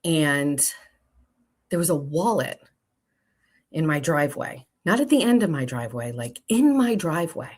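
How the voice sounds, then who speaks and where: Low-voiced woman telling a story. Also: lively intonation, normal speed, long pauses, a little mellow. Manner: chatty, swears freely, breaks off to talk to others. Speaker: show host. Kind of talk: casual storytelling to a live audience. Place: office.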